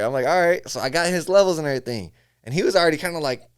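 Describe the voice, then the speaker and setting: A man's medium-pitched voice comes across smooth and fast as he chats casually as a podcast guest. He's a music engineer from Syracuse, upstate New York, telling lively stories, acting out studio dialogue and saying "bro" often.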